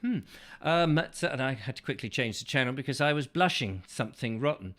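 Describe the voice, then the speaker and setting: A man's voice: mid-range voice, animated, fairly quick, a bit bright. A man hosting a casual chat show, reading viewer comments and rambling with jokes and asides. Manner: rambling, joking, full of asides. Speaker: host.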